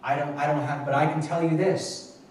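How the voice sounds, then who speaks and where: A man's voice: a little high, steady tone, fairly quick, slight background noise. Man preaching in an echoey hall. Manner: conversational and repetitive, with frequent restarts. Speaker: pastor. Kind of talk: sermon. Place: church hall at a midweek Bible study. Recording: echoey church room, mic far off.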